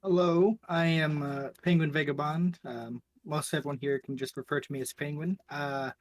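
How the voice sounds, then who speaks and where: Hesitant man with a higher voice. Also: fairly even intonation, moderate pace. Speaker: player. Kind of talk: casual self-introduction.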